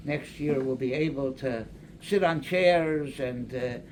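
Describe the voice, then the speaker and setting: An older man, a rabbi delivering a slow, deliberate sermon that mixes Hebrew and Aramaic quotations into English. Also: mid-range voice, a little mellow, slight background noise.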